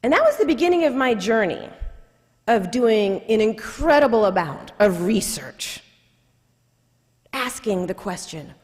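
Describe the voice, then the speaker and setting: A woman's voice: fairly high pitch, very animated, measured pace. Emphatic woman lecturing in an echoey hall. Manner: emphatic, repeats key lines for effect. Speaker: guest lecturer, civil rights lawyer. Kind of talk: personal storytelling in a public lecture. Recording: echoey hall with long reverb.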